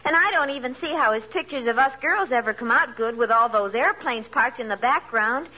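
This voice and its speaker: A woman's voice: a little high, lively intonation, brisk, pushed and bright. An actress playing a sweet, naive young woman who chatters innocently, in 1940s radio comedy style. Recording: dull old radio broadcast, faint audience.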